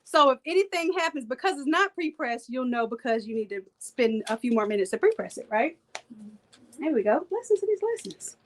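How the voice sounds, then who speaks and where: A woman's voice: high voice, animated, a little fast, slight background noise, low-quality recording. A woman instructor leading a live hands-on printing demo, chatty and playful, joking with her viewers.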